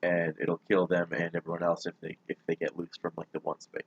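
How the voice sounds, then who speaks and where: A man's voice: deep voice, completely flat delivery, a little fast, husky, dry recording. A young man in casual podcast chat, rambling and full of "like", on a close mic with dull, lo-fi sound. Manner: rambling, heavy use of "like". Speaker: podcast co-host.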